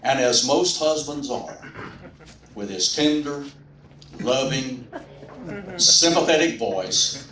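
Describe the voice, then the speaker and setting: A man's voice: medium pitch, lively intonation, slow, long pauses, fairly bright tone. A man giving a folksy, humorous rally speech, telling an anecdote to a crowd. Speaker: speaker at a political rally. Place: indoor rally venue. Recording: roomy, distant mic at a rally.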